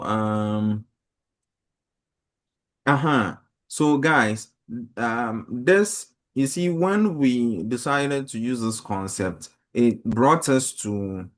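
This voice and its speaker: A man teaching a mathematics lesson to a class, explaining step by step and quizzing the students. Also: lowish voice.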